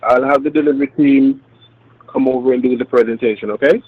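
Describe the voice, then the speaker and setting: A man calling as a phone scammer, speaking in a calm, insistent, businesslike way. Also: mid-range voice, brisk, no room sound, phone-quality sound. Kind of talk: phone call.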